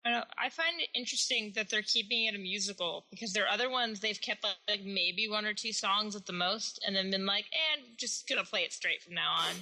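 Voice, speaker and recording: A woman's voice: mid-range voice, a little fast, hardly any pauses, pushed and bright, rough recording. A young woman in casual movie chat, explaining details with fillers.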